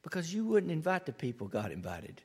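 Animated preacher man in a reverberant hall. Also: fairly high pitch, a little fast, breathy edge. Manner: animated preaching, big swings between loud and hushed. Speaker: pastor. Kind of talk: sermon.

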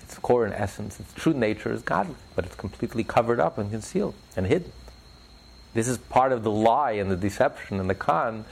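A man teaching religious ideas in an interview, preacherly, rising sharply in pitch for emphasis and telling stories with acted voices. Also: animated, a little fast, vocal fry, slightly rough, poor audio.

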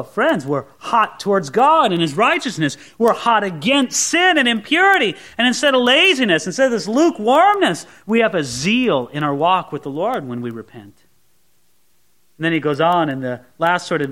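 A male pastor delivering a sermon in a high voice that leaps all over the scale. He moves between quiet, drawn-out emphasis and sudden loud cries. He acts out the inner voice of a repentant believer as he preaches. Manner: swings from hushed, slow emphasis to loud, high outbursts.

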